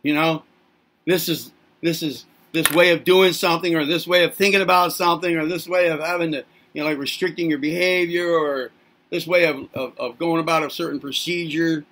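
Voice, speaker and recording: A man's voice: a little high, fairly even intonation, fairly quick, a bit bright, slight background noise. A man hosting a self-help channel, speaking in a playful monologue to camera as if to babies. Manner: teasing, talks as if to babies.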